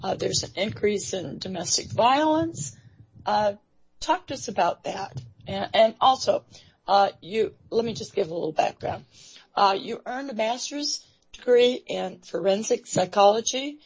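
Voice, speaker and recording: A woman hosting an interview program, talking in a halting way with many fillers and restarts. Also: mid-range voice, expressive, breathy edge. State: emotional, near tears. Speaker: radio show host. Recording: dull lo-fi recording.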